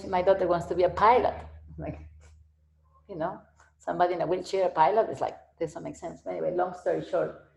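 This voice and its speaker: A woman's voice: lowish voice, gravelly, a little mellow. A woman giving a casual spiritual talk and answering questions, rambling and repeating herself, often laughing. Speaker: spiritual teacher. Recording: echoey room.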